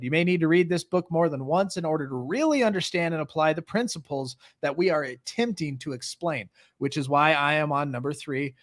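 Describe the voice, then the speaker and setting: A middle-aged man hosts a recovery live stream in a casual, earnest way, reading a passage aloud and then explaining it in plain words. His voice sits a little high for a man. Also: a bit bright.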